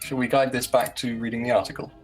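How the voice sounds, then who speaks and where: A podcast host with an English accent talks at a middling pitch. They read an article aloud with wry asides and keep steering the casual group chat back on track. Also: flat delivery, fast, over music.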